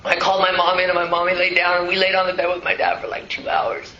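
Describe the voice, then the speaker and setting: A middle-aged woman giving a raw, blunt personal testimony at a recovery meeting, swearing freely and swinging between loud bursts and hushed lines. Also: lowish voice, monotone, fast, reverberant, lo-fi sound, slight background noise. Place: meeting hall.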